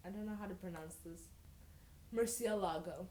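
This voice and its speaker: A young woman reads an old fan story aloud at an ordinary pitch and keeps stopping to mock it in a sarcastic, disbelieving tone. Her voice carries a noticeable room echo, as if she is recording in a bare room. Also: moderate pace, darkish tone. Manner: sarcastic, incredulous asides between read passages. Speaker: YouTuber. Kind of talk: reading fan fiction aloud with mocking asides. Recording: roomy echoey room.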